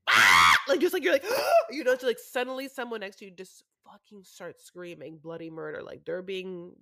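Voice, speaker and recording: A woman's voice: mid-range voice, a little fast, darkish tone, dry recording, raised voice. A woman with a mid-range voice co-hosts a podcast in easy, casual chat. She rambles, filling her sentences with fillers and restarts. The sound is dry and close to the mic. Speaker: podcast co-host.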